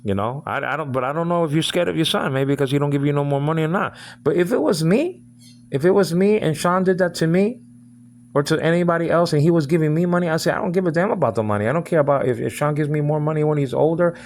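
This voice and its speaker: A man's voice: a little high, quick pace, slight background noise. Agitated rambling man ranting to camera. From United States. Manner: agitated, repetitive, stumbling over words. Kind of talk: angry direct-address monologue.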